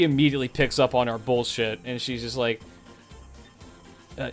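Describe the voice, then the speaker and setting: A man's voice: medium pitch, steady tone, moderate pace, long pauses, faint music behind. Profane rambling male streamer. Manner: profane, laughing, rambling with restarts. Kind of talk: casual storytelling on a live stream.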